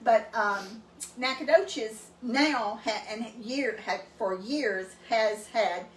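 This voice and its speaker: A woman's voice: on the high side, slow. A woman from East Texas with a Southern accent, telling rambling, folksy family stories in casual chat. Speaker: cooking show co-host. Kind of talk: casual storytelling. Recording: echoey room, mic at a distance, faint noise.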